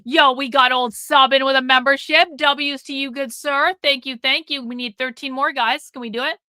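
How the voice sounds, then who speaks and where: A high, bright-voiced woman hosts a live stream, talking casually and bluntly to her chat with plenty of swearing. Her voice sits close and dry, with no room sound around it. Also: fairly even intonation, normal speed, no room sound. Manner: profane, blunt, nags the chat.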